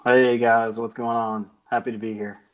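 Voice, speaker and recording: A man's voice: medium pitch, little pitch movement, moderate pace. A man answering interview questions in an easygoing, rambling way with plenty of fillers. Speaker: guest, company founder.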